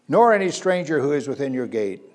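Male preacher, mid-pitched, earnest sermon delivery with loud emphatic peaks and soft asides. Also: very animated, a little fast. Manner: earnest, varies loudness for emphasis, frequent uh fillers.

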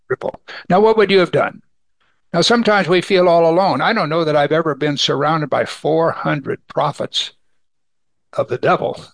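A man with a fairly high, gravelly voice preaches through a scripture passage, reading verses aloud and then talking them over plainly with his listeners. The sound is dry and close. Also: fairly bright tone, no echo. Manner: reads scripture aloud and comments conversationally. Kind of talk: sermon.

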